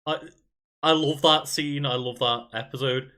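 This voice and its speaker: A man's voice: medium pitch, steady tone, measured pace, bright, forceful tone. A man co-hosting a podcast in casual chat, laughing often and telling stories loosely, with many fillers. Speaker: podcast co-host.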